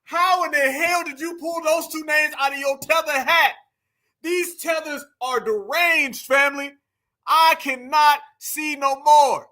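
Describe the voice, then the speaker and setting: Male reaction host, high bright voice, mocking and animated. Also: a little slow. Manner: animated, mocking, laughing often. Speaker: commentary channel host. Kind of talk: reaction commentary.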